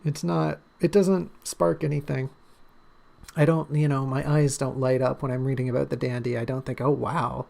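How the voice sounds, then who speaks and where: Man, gravelly voice, mid pitch, casual livestream chat, rambling, joking, self-deprecating. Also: level tone, moderate pace, dark tone. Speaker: author and streamer.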